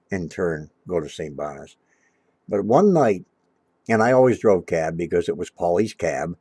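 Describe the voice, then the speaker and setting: A man's voice: low-pitched, a little mellow, dry recording. A middle-aged man telling a long personal story in a casual, rambling way, often restarting his sentences. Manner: rambling, restarts often, acts out quoted lines. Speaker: storyteller recalling his cab-driving days.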